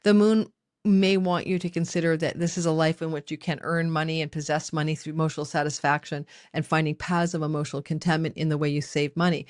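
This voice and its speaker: A middle-aged woman gives a spoken astrology lesson, talking straight to her viewers in a conversational way with casual asides. Her deep, slightly mellow voice is recorded dry in studio quality.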